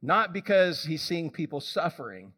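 A male preacher giving a lively, conversational sermon, often questioning the congregation. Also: a little high, moderate pace, slightly rough.

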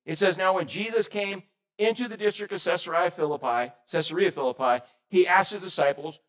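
A man preaching a sermon, lively and animated, questioning his congregation. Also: sits high, a little fast. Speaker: pastor.

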